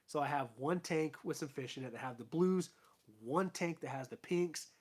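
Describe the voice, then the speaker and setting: A young man talks casually to his stream viewers from his fish room at home, rambling through fillers and false starts. His voice sits a little higher than most men's and is starting to wear out and turn hoarse. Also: moderate pace. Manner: rambling, chatty, fillers and restarts. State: losing his voice. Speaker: aquarium channel host. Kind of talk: casual live stream chat.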